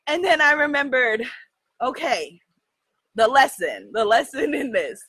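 High, bright animated woman storyteller. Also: takes it slowly, no echo. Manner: animated, laughs often, asks "right?". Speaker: host addressing her viewers. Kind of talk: casual storytelling chat.

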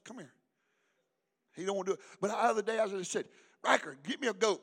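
High, bright-voiced preacher man. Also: fast, vocal fry, husky. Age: older. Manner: preachy call-and-response, swings from hushed to shouting. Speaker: pastor. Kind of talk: sermon.

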